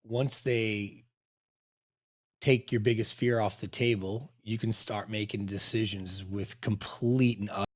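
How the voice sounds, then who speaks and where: A man's voice: fairly low pitch, a little slow, no room sound, studio quality. A middle-aged man hosting an interview, talking casually and animatedly with an old friend. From Boston area. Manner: warm, animated, friend to the guest. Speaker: podcast host, interviewer.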